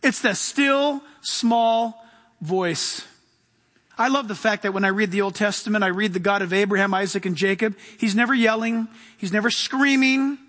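A man preaching a sermon as pastor, animated, swinging from loud outbursts to hushed quiet. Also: high-pitched, fast, hardly any pauses, long reverb tail.

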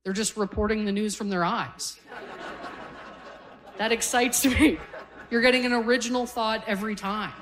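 A woman's voice: on the high side, steady tone, normal speed, long pauses. A woman in her forties from Canada performs a stand-up set into a handheld mic on a comedy stage. She talks in a loose, conversational way and lands self-deprecating punchlines. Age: 40s. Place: comedy stage with a live audience.

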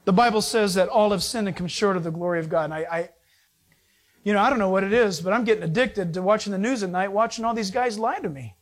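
A man preaching a sermon in a folksy, joking way, telling stories with lively energy. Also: high-pitched, fast. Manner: folksy, joking, animated storytelling.

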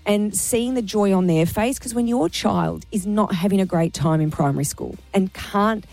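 A woman's voice: mid-range voice, moderate pace, creaky, darkish tone, no room sound, soft background music. An Australian woman hosting a radio show, talking earnestly and emotionally in run-on bursts. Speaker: radio host. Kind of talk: breakfast radio chat.

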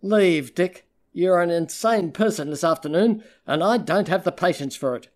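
Guy reading as a tough sarcastic lady detective, bit higher voice, audiobook. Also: moderate pace, close to an everyday voice. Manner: cutting, sarcastic. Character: sharp-tongued female private investigator.

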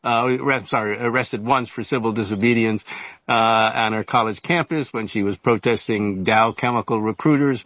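A man in his seventies, an author and journalist giving an interview, telling stories in a halting way full of fillers and restarts. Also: fairly low pitch, fairly bright tone, no room sound, muffled recording. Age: 70s. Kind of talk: casual storytelling interview.

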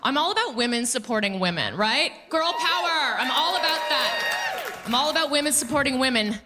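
A woman performing a stand-up comedy set before a live audience, quick and playful, mocking the people she quotes. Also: high-pitched, huge pitch swings, over a noisy crowd, very noisy.

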